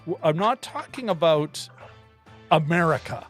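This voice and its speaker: Brief: male podcast co-host, fairly high voice, animated and laugh-prone, faint music underneath. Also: measured pace. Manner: animated, laughs often while talking. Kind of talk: casual film-discussion chat.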